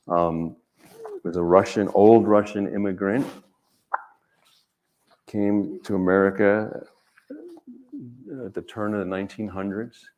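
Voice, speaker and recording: Low-voiced man, gentle reflective reading. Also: little pitch movement, muffled recording. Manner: gentle, measured, speaks in short unhurried phrases. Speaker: author giving a reading. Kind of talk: reflective talk and reading aloud.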